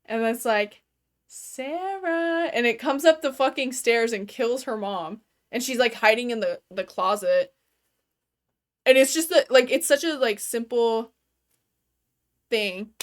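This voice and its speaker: A young adult woman streamer chats from her bedroom in a slightly high voice. Her talk is loose, meandering and casual, full of "like" fillers and easy swearing. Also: unhurried, pauses often. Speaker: gaming streamer. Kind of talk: casual chat while streaming a game.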